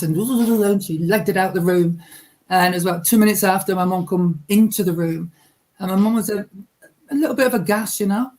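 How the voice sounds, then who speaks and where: A woman's voice: mid-range voice, creaky, darkish tone. Woman telling a heartfelt story. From England. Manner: heartfelt, unhurried, reflective recounting. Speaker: guest, psychic medium and teacher. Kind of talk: personal storytelling in a radio interview.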